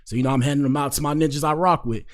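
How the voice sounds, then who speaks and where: Speaking very fast in a steady voice on the high side, a live-stream host delivers casual commentary. He rambles, leaning on slang and plenty of fillers.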